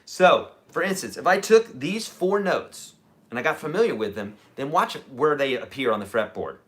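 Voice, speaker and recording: A man teaching a live-streamed guitar lesson, chatty and energetic, with lively jumps in pitch and loudness. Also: normal speed, slight background noise. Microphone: camera mic.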